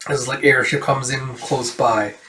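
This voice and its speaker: A man's voice: medium pitch, steady tone, measured pace, sharp tone, a little hiss or hum. A man in a casual, rambling read-through of a comic, retelling the panels with many fillers. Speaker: comic reviewer. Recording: roomy echo, distant mic.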